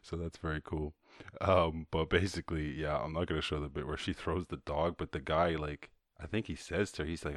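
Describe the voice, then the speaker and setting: A man's voice: extremely low pitch, fairly even intonation, fairly quick, fairly bright tone, dry recording, clean studio sound. A man with an Irish accent hosting his show, casually commenting on a video in a loose, profane way with frequent laughs. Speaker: host.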